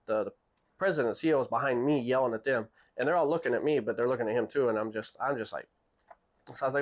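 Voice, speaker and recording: Speaking fast at medium pitch, a podcast host casually relates a long tale. He animatedly acts out the people involved in a raised voice, and he often restarts sentences and repeats words.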